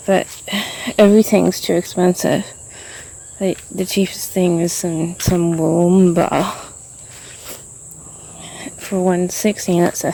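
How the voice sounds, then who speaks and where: A woman's voice: fairly low pitch, creaky, warm tone, slight background noise. A woman vlogging outdoors as she walks around, rambling and frustrated, full of fillers. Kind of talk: venting vlog monologue.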